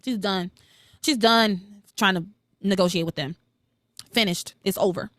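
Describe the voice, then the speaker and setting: A woman hosting a solo podcast, recapping soap opera episodes in an animated, opinionated way, swearing freely. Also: measured pace, no room sound, studio quality. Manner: animated and opinionated, swears freely, quotes characters with jumps in pitch.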